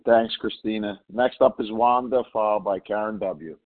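A man's voice: fairly low pitch, steady tone, moderate pace, no room sound. A man chairing a recovery meeting, thanking speakers and calling the next ones briefly and offhandedly. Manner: brief, offhand, self-deprecating. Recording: tinny phone line, from off mic.

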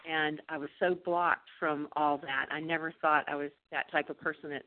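A woman from Northern California sharing candidly at a recovery meeting, halting often with ums. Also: deep voice, steady tone. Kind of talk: personal share at a recovery meeting. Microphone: phone call. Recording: tinny phone line.

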